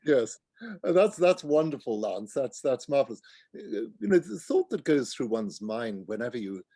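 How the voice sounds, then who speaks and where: A man, a guest author, speaks in a literary conversation. His mellow, warm voice is recorded dry and close. He is thoughtful and halting, often restarting his sentences. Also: mid-range voice, big pitch swings, dry recording.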